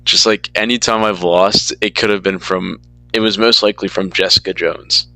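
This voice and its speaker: A man's voice: sits low, fairly even intonation, normal speed, pushed and bright, dry recording, poor audio. A man hosting a podcast, asking questions in a laid-back, easily amused way. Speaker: podcast host. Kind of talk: casual chat.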